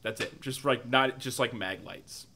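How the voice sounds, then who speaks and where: A young man co-hosting a casual movie review podcast, animated and swearing, often laughing as he talks. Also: medium pitch, measured pace. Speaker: podcast co-host.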